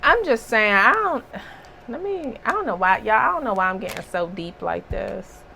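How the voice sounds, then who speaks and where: A slightly hoarse woman giving a casual spiritual reading, emphatic and preachy, with rhetorical asides. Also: mid-range voice, animated, normal speed, pushed and bright, a little hiss or hum, poor audio. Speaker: spiritual reader.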